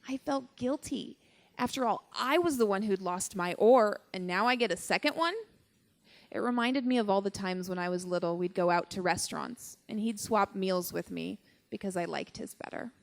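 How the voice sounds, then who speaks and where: A woman's voice: medium pitch, vocal fry. Young woman telling a wry personal story. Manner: wry, deadpan delivery with dramatic pauses. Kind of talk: personal story performed on stage. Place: stage at a live show.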